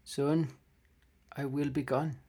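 A man voicing a gentle, proud old male deep gnome who is dying, speaking softly and haltingly. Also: little pitch movement, husky. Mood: tender, fading. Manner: soft, slow and halting.

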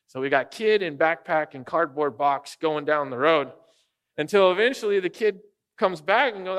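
A man's voice: a little high, moderate pace, fairly bright tone. A man preaching a sermon as pastor, a father of young kids, speaking casually and jokingly and often putting questions to the congregation. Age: adult father of young children.

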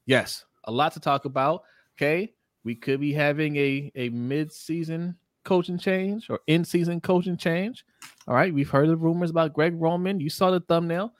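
A man's voice: a little high, normal speed, no room sound, clean studio sound. A man co-hosting a sports livestream, reading viewer comments aloud and greeting each one by name, with frequent laughs. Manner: animated, greets chat by name, laughs often.

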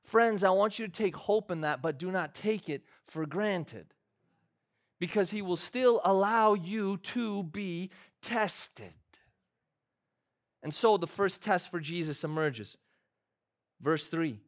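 Speaking slowly in a high voice, a male pastor delivers a church sermon that shifts from relaxed, conversational storytelling to fervent and emphatic preaching.

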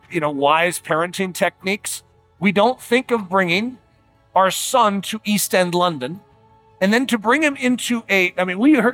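A man preaching a sermon, emphatic and conversational, slowing down for dramatic words and dropping quiet at times. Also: high voice. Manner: animated, emphatic, with dramatic slowdowns and quiet drops; conversational fillers like "like" and "uh".

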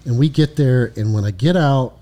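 Podcast co-host, male, ex-patrol officer; warm, low-edged tone, casual storytelling, swears a lot. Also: moderate pace. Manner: profane, frequent "right?" tag questions. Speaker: podcast co-host, former highway patrol lieutenant.

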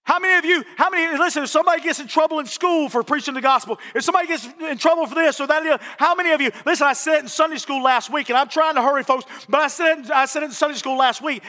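Guy preaching hard in a church, really high bright voice, big long echo from the hall. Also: quick pace, hardly any pauses. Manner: impassioned, repeats phrases for emphasis. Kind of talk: sermon. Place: church sanctuary.

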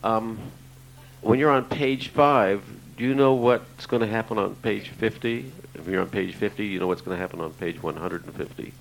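A man's voice: lowish voice, moderate pace, gravelly, low-quality recording. A man moderating a panel, asking the writers questions.

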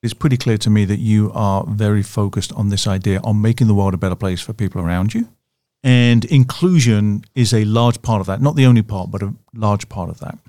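A man asking an interview guest measured, searching questions. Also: lowish voice, dark tone, no echo, studio quality.

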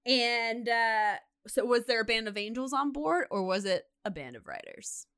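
A woman's voice: fairly high pitch, animated, normal speed, a bit bright, smooth. A woman co-hosting a podcast, casually retelling a story and acting out the quotes with lots of "like". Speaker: podcast co-host.

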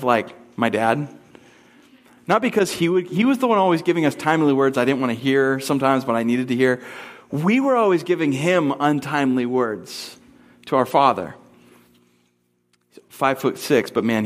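A man in his thirties preaching a sermon, telling a family story casually and breaking into high, squeaky voice impressions.

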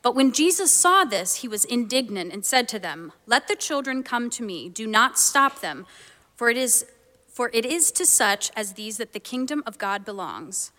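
A woman serving as reader, reading a scripture passage aloud in a clear, measured way during a sermon. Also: a little high, sing-song, pushed and bright.

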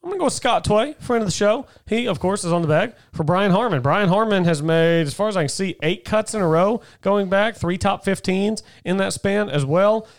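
A man's voice: high voice, fairly quick, hardly any pauses. Casual golf podcast co-host, man. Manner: conversational, reads off stats, jokes with co-host. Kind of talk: casual sports chat.

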